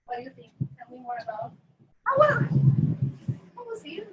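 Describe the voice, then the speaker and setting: A woman's voice: very high-pitched, sing-song, moderate pace. A woman presenting at a conference for parents, talking casually to the audience, chatty and laughing often at herself. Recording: echoey hall, mic far off, faint noise.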